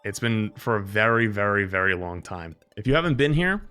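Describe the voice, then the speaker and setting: Lively, animated male streamer. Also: on the low side, a little fast, clean tone, soft background music. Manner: animated storyteller, mimics other people's voices. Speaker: live streamer. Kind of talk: casual live-stream chat.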